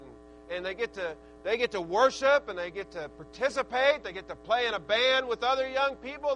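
A man preaching a sermon, with a rhythmic preaching cadence that swells into excited shouts. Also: sits high, rough recording. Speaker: pastor.

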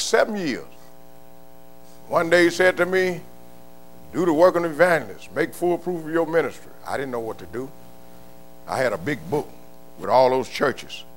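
Older male preacher, high impassioned voice. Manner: impassioned, swings from low murmurs to shouts. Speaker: pastor. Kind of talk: sermon.

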